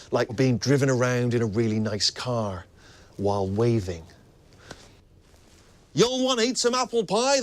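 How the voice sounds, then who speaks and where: A man's voice: a little high, dry recording. An actor with a British accent playing a cheeky British man who sardonically teases Americans in a comedic ad monologue. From Britain. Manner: sardonic, teasing, lively delivery. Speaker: actor in a beer commercial.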